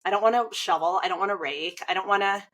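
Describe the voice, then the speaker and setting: A woman's voice: medium pitch, fast talker, slight background noise, poor audio. A woman in her thirties, a swim coach, talking casually and animatedly, with lots of "like" fillers. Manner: chatty, frequent "like" fillers, animated retelling. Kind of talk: casual conversation.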